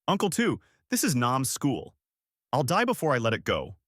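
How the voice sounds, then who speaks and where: A man voicing a grieving young woman who teaches in a village, pleading and shouting through tears. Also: medium pitch, huge pitch swings, moderate pace, no echo, studio quality. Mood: anguished.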